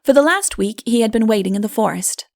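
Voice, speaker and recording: A woman reading a comic fairy tale audiobook in a gentle, measured, softly spoken way. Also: fairly high pitch, expressive, vocal fry, no room sound, clean studio sound. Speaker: audiobook narrator. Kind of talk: scripted storybook narration.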